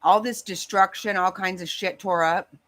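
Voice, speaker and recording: A woman's voice: mid-range voice, fairly even intonation, normal speed, a bit bright. A woman hosting a livestream, ranting bluntly and heatedly with lots of swearing. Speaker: livestream host. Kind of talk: angry casual rant to chat.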